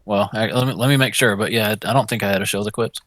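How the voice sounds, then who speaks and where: A man's voice: fairly low pitch, steady tone, quick pace, a bit bright, no room sound. A man playing a tabletop game, hesitant and full of fillers. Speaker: player. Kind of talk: casual tabletop play.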